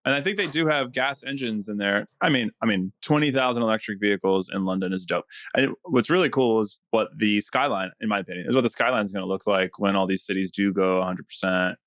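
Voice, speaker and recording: A man's voice: on the low side, fast, hardly any pauses, fairly bright tone, no echo. A man co-hosting a podcast in casual chat, teasing and joking. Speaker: podcast co-host. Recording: dry close sound.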